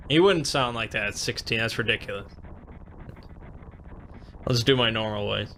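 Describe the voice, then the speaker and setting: Bright-voiced man commenting on a game. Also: fairly low pitch, moderate pace, vocal fry, pauses often, a little hiss or hum. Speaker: let's play host.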